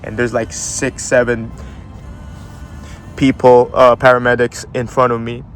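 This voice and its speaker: A man's voice: medium pitch, completely flat delivery, a little slow, clear, resonant tone, soft background music. A young man casually telling a story, swearing a lot and using slang, laughing as he goes. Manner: profane, slangy, laughs often while telling.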